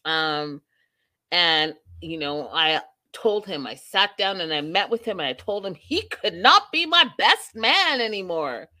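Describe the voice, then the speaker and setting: A woman hosting a casual reality TV recap, chatty and animated, often acting out what people said. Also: fairly low pitch, a little slow. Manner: chatty, animated, laughing, acts out quotes.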